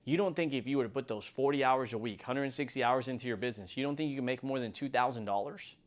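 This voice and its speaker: A middle-aged man giving an emphatic motivational talk as the host, building from calm reflection to near shouting. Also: mid-range voice, fast. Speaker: motivational speaker.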